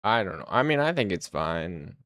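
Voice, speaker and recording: A man's voice: sits low, very animated, moderate pace, a bit bright, no room sound, studio quality. A man streaming his indie game development, chatting to viewers in a hyped-up, rambling way. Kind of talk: casual livestream chat.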